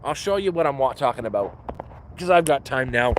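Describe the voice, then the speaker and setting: A man's voice: mid-range voice, lively intonation, fairly quick, background noise. A man hosting a casual live stream outdoors in the woods, giving frank, profane advice, talking into a phone as he walks around his camp. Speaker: livestream host living outdoors.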